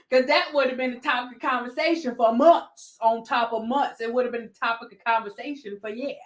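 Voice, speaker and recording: A woman's voice: on the high side, brisk, hardly any pauses. A woman with a Southern American accent, hosting a casual commentary vlog, sassy and laughing often as she talks to her viewers. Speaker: YouTube commentary host.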